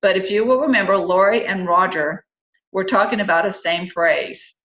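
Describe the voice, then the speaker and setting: A woman in her fifties hosting an online group discussion, chatting casually and turning animated and opinionated as she goes. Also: mid-range voice, normal speed. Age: 50s. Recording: roomy, dull lo-fi sound.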